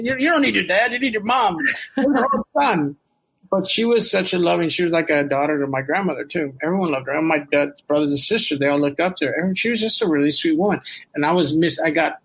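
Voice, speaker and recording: Husky man telling a personal story. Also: fairly high pitch, fairly bright tone, low-quality recording. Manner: candid, rambling, emotional, with laughs and profanity. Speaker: storyteller guest.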